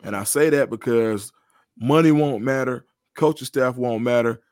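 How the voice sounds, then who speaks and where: A man's voice: medium pitch, moderate pace, dry recording. Guy breaking down recruits on a podcast, sure of himself, dry close sound. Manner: confident, analytical, animated storytelling. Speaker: recruiting analyst guest. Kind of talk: podcast interview.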